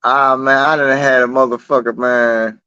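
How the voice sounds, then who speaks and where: A man's voice: mid-range voice, normal speed, clean tone, no echo, highs cut off. A man guest in a casual, profane chat who acts out quotes in a raised voice. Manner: animated, swears a lot, acts out quotes in a raised voice. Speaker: interview guest.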